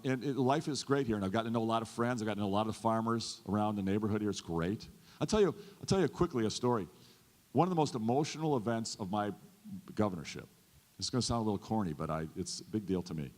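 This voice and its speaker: A state governor in his fifties, his voice low with a darkish tone, delivers an earnest, folksy stump speech to a chamber audience, often repeating himself. He's in a large event hall, and the recording carries long hall reverb.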